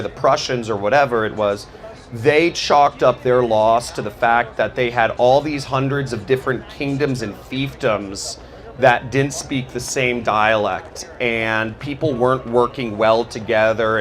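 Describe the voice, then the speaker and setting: An American man speaks at a middle pitch in a loose, off-the-cuff talk, stumbling through restarts and fillers. A faint hum of noise sits behind his voice. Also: a bit bright. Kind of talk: casual informal speech. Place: outdoor festival talk.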